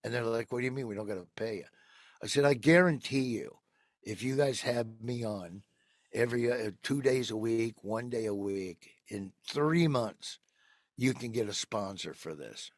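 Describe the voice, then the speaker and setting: Man, american comedian guest, lively storytelling, plays out the quotes, dry close sound. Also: mid-range voice, moderate pace, no echo. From United States. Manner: animated storyteller who acts out quoted people. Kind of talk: casual storytelling interview.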